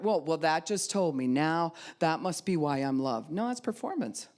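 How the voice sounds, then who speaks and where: A woman pastor preaching a sermon, acting out quoted voices and dropping to a soft hush at times. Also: low voice, expressive, moderate pace.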